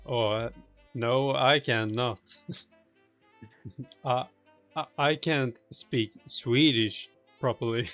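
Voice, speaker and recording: A man's voice: medium pitch, steady tone, very slow, long pauses, soft background music. Laid-back man on a dull lo-fi mic. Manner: laid-back, short agreeing replies. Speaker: podcast co-host. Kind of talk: casual chat.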